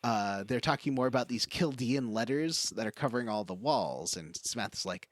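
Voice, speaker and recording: A man's voice: medium pitch, expressive, normal speed, hardly any pauses, no room sound. A man co-hosting a podcast, rambling through a casual game recap with lots of fillers. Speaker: podcast co-host.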